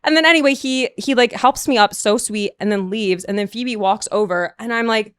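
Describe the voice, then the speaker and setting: A young woman sits in a podcast studio, recounting a story with animated energy. Her voice sits a little high and is recorded close and dry. She acts out other people with quoted voices and adds sound effects. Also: moderate pace, clean tone, no room sound. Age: young adult. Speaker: podcast guest. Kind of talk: casual storytelling.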